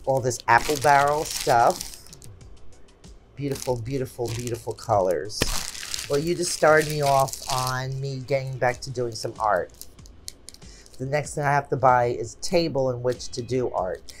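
A woman's voice: very deep voice, a little slow, soft background music. A woman in her forties hosting a craft channel, chatting casually and exclaiming often as she unboxes gifts at home.

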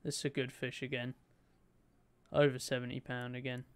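A young man streaming a game, commentating excitedly and chatting to his viewers. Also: medium pitch, normal speed, clean tone. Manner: excitable, chatty, talks to his chat, swears lightly. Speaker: gaming streamer.

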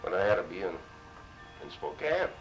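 A man's voice: fairly low pitch, normal speed, gravelly, soft background music, rough recording. A man in his seventies from Minnesota, a war veteran telling his story in an oral history interview, salty and full of cursing. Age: 70s. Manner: salty, profane, animated storyteller.

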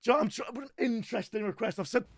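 High-voiced excitable young man. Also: racing, no echo. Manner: excitable, bantering, chatty. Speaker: video game channel host. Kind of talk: casual gaming commentary.

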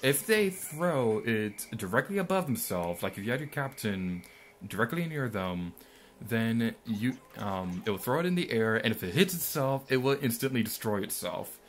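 A man's voice: mid-range voice, big pitch swings, normal speed, slight background noise. A young man giving rambling, mildly sarcastic let's-play commentary, full of ums and asides. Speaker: gameplay commentator.

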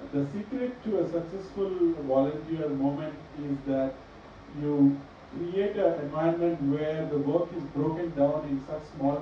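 A man's voice: fairly high pitch, slight background noise. Middle-aged man on a panel. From India. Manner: joking, sarcastic, animated storytelling. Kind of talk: panel discussion. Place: large echoey event hall. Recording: echoey hall recording from far off, dull.

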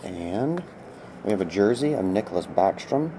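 A man casually calling out cards as he opens packs, rambling and easily excited, with a laugh here and there. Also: on the low side, moderate pace, noisy background. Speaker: card break host. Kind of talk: casual card-opening commentary.

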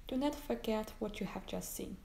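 A woman voicing a brooding aristocratic nobleman, reading his lines in a measured, grave way. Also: medium pitch, gravelly, dark tone, echoey room, slight background noise, close to an everyday voice.

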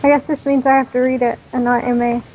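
A soft-spoken, shy woman chatting quietly with friends during an online game. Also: sits high, level tone, fast talker, slight background noise, poor audio. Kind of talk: casual gaming chat.

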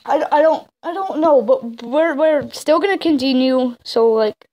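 A woman's voice: high-pitched, a little slow. A woman casually commenting while playing a story game, reading the choices aloud and exclaiming often. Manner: excitable, reads choices aloud, frequent exclamations. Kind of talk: casual let's-play commentary.

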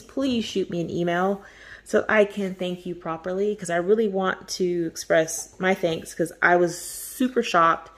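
A woman hosting a coloring channel, chatting casually and gushing over her birthday gifts with frequent laughter. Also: on the low side. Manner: gushing, effusive, laughs often.

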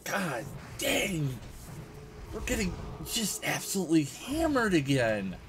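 A man's voice: a little high, huge pitch swings, slow, a bit bright, slight background noise. A young man giving casual commentary on his own gameplay, exasperated, groaning and swearing as his team gets beaten. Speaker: gaming channel host. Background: game music and keyboard typing.

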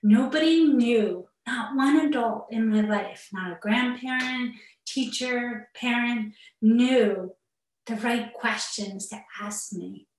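A therapist speaking earnestly and personally to parents in an online talk, with muttered asides, heard over a video call. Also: female voice, a little high, slow. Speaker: therapist giving a parenting webinar. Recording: echoey room, far from the mic.

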